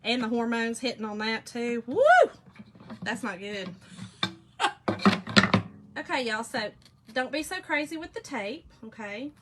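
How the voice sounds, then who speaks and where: Heavy background noise surrounds a Southern-accented woman who chats to her livestream audience ("y'all") while doing a craft project. She's talkative and often laughs, though her a-little-high voice is unhurried, with long pauses.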